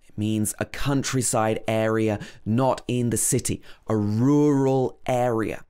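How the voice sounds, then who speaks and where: A man teaching English pronunciation, slowly and carefully repeating each word to demonstrate it. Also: fairly low pitch, fairly even intonation, warm tone, clear, resonant tone. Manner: slow, careful demonstration of words, repeated over and over. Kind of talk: pronunciation lesson.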